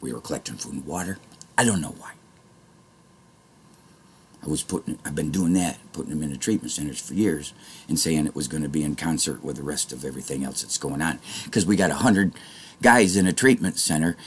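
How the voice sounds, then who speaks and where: A man vlogging a rambling monologue to his viewers, swinging from low muttering to angry shouting and swearing often. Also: a little fast, slight background noise.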